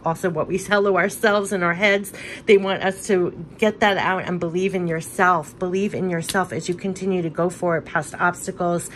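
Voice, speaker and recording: A woman's voice: fairly low pitch, steady tone, normal speed, a little hiss or hum. A woman giving a spiritual card reading, speaking in an effusive, emphatic way and repeating affirmations again and again. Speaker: tarot card reader.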